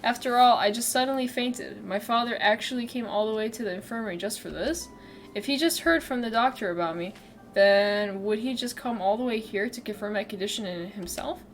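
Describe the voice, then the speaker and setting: Woman streamer, reads a game aloud, higher voice, chatty, giggles, soft music under. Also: brisk. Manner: giggly, chatty, self-mocking.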